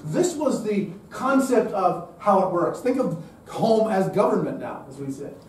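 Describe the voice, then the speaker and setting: A man lectures emphatically to a gathered audience and drives his points home with rhetorical questions. His voice sits high for a man but has a mellow, dark tone. He is picked up from a distance in a very echoey room. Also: lively intonation, measured pace, slight background noise. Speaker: speaker at a public event. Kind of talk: lecture-style talk.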